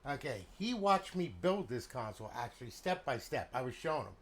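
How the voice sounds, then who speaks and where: A man's voice: medium pitch, big pitch swings, fairly quick, fairly bright tone. A middle-aged man from New Jersey with a New Jersey accent, talking bluntly and rambling on a casual livestream while he shows off a console he modded and sells.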